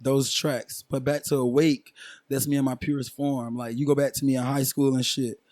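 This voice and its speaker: A man's voice: medium pitch, little pitch movement, moderate pace, darkish tone, dry recording. A man in his twenties, a guest musician, talking casually and at length with slang and frequent check-ins like "you feel me" on a podcast. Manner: laid-back slang-heavy storytelling, frequent "you feel me".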